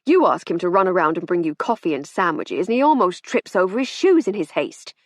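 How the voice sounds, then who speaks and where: A dutiful male police inspector, as a woman narrator puts him on, polite and firm with a patient manner. The husky voice moves lively through its range, recorded dry and close. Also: on the low side, brisk, no echo. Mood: indignant.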